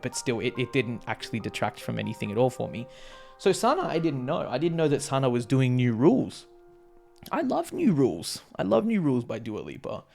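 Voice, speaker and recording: A man giving an excitable, slangy concert recap, swearing and laughing as he talks. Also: mid-range voice, creaky. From Australia. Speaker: vlogger.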